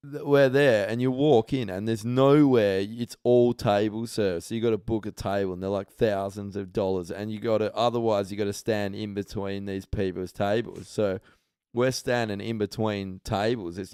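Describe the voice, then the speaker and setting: An Australian man telling animated, profanity-laced anecdotes on a casual podcast. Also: lowish voice, smooth, dry recording, clean studio sound. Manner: swears a lot, animated anecdotes. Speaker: podcast host.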